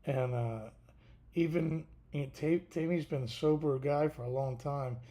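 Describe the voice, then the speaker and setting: A tired man hosting a casual livestream, talking haltingly with many fillers and restarts. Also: fairly high pitch, fairly even intonation, dark tone. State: tired, yawning. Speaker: podcast host.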